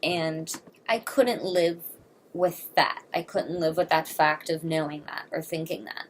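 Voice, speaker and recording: Candid young woman vlogger, low voice, faint hiss behind, speaks frankly and with feeling. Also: steady tone, a little slow. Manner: earnest, candid, emotional, blunt. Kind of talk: personal confessional talk to camera.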